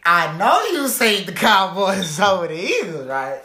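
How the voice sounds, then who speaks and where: A man's voice: high-pitched, big pitch swings, unhurried, bright, forceful tone. A man co-hosting a podcast, joking and trash-talking in brash, profane casual chat. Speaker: podcast co-host.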